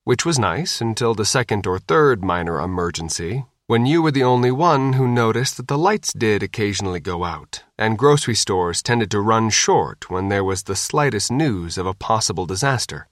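Lively male audiobook narrator. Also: on the low side, normal speed, hardly any pauses, no room sound, clean studio sound. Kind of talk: scripted narration.

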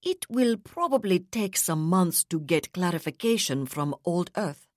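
A woman's voice: on the low side, expressive, measured pace, dry recording, studio quality. A woman voicing an arrogant, scheming male colonial governor who speaks coldly and condescendingly. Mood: haughty. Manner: cold, inflexible, condescending.

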